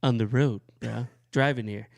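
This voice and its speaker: A swaggering rock singer who brags in a lazy, slangy drawl, as a man puts him on. The lines land a bit slower and louder than normal talk, stretched out for effect. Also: medium pitch, fairly even intonation, gravelly, natural voice. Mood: cocky.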